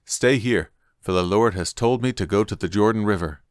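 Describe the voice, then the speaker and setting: A man's voice: fairly low pitch, moderate pace, smooth, dry recording, studio quality, close to an everyday voice. A man reading the part of Elijah, a solemn, firm old prophet, in a Bible story reading.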